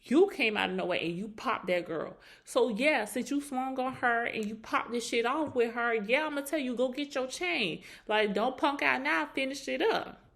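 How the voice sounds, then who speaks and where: Animated woman recapping reality drama. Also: normal speed, gravelly, few pauses. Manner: animated, acts out quotes in higher voices. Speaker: reality show recap host. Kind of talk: casual recap commentary.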